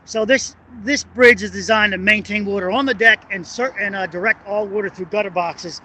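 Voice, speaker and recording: A man's voice: high voice, moderate pace, sharp tone. A man walking a bridge at night with a handheld camera, explaining its engineering in a rambling, hesitant way and swearing when annoyed. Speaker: construction engineering vlogger. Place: outdoors on a city bridge at night. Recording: noisy outdoor wind and traffic.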